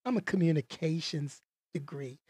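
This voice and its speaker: A man hosting his own podcast, talking in a casual, animated rant full of slang and stammered restarts. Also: on the high side, normal speed, slightly rough, no room sound. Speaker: podcast host.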